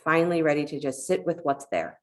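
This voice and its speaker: A woman teaching a yoga class, giving calm, encouraging cues and telling a short parable along the way. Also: low-pitched, a little fast. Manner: calm, encouraging cueing with a parable told in between.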